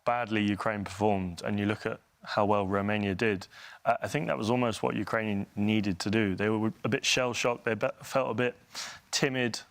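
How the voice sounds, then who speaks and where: A man co-hosting a sports show, giving measured, analytical football commentary. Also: lowish voice, fairly even intonation, gravelly, a bit bright.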